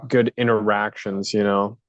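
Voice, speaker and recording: A man taking part in a workshop, giving hesitant, halting replies in casual conversation. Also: lowish voice, level tone, no room sound. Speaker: workshop participant. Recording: dull, dry lo-fi sound.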